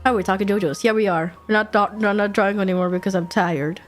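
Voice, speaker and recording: A woman streamer chatting casually and excitedly, swearing freely and breaking into giggles. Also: mid-range voice, fast, soft background music.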